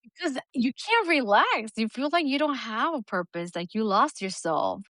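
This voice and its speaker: A woman co-hosting a podcast, talking candidly and with lots of swearing, lively when she mimics other people. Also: a little high, moderate pace, no room sound, studio quality. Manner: candid, profane, animated when quoting others. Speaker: podcast co-host. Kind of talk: casual podcast chat.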